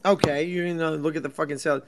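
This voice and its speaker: Young guy, gravelly and kinda high, swearing nonstop, sarcastic rambling crypto banter. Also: fairly even intonation, fast, a little hiss or hum. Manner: loud, swearing, jumpy and sarcastic. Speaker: crypto space host. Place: office at night.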